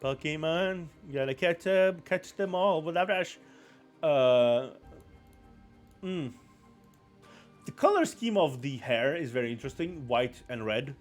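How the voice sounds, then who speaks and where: A man streaming live, talking loosely and a bit higher than most men. He rambles, apologizes often, and jokes at his own expense. Soft music plays faintly in the background. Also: lively intonation, a little slow, pauses often. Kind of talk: casual live-stream chat.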